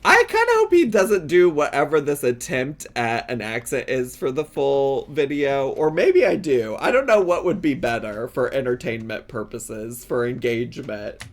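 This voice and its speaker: A man hosting a reaction video, giving casual, playful commentary with frequent giggles and drawn-out asides. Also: mid-range voice, very animated.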